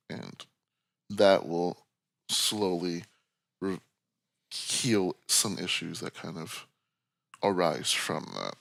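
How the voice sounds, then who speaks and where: A man's voice: low-pitched, gravelly, a bit bright, dry recording. A man co-hosting a podcast in casual chat, loose and chatty, laughing often. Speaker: podcast co-host.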